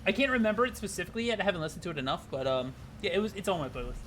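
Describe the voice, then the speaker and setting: A man's voice: high-pitched, expressive, very fast, fairly bright tone, a little hiss or hum. A man streaming a game live, chatting casually with his viewers, rambling and swearing freely.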